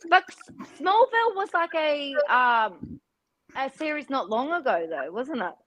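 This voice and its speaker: A woman's voice: high voice, sing-song, a little slow, fairly bright tone, poor audio. Chatty English woman co-host. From England. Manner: chatty, swears, laughs easily. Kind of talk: casual online chat.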